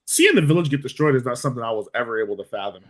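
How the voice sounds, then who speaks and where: A man's voice: medium pitch, expressive, rapid-fire. A man co-hosting a casual podcast, explaining his reasoning at length. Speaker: podcast co-host.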